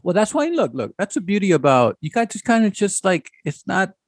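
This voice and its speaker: A man's voice: sits high, fairly quick, no echo, clean studio sound. A man co-hosting a podcast in casual chat, telling family stories and acting out the people he quotes. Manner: animated storyteller, acts out quoted relatives. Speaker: podcast co-host.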